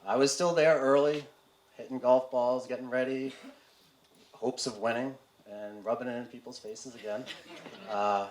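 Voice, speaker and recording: A man telling his personal recovery story to a live audience, halting and candid, with wry humor and frequent fillers. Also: medium pitch, fairly even intonation. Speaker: speaker sharing a recovery story. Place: community event hall with audience. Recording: roomy hall with faint room noise.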